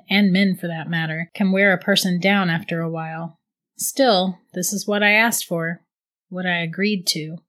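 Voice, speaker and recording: A woman giving steady, reflective first-person audiobook narration. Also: lowish voice.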